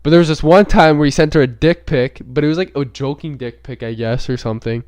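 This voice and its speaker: A man's voice: fairly high pitch, quick pace, a little mellow. A young man hosting a podcast, talking casually in a rambling, profane way with many filler words. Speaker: podcast host. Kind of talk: casual unscripted monologue.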